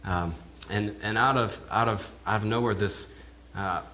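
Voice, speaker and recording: A man, a minister, telling a sermon in character as a first-person eyewitness, halting and repeating words as he goes. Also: lowish voice, bright, forceful tone, a little hiss or hum. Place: church.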